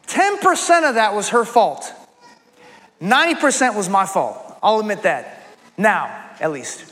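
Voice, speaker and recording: A man preaching a sermon as pastor, telling a personal story earnestly and leading a soft prayer. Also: very high-pitched, in a large hall.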